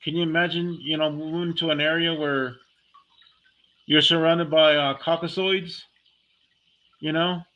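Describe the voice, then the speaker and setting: A man's voice: fairly high pitch, steady tone, measured pace, pauses often, sharp tone. A man delivering a heated, blunt, profane monologue as a vlogger, talking casually and speaking his mind. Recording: dull lo-fi recording.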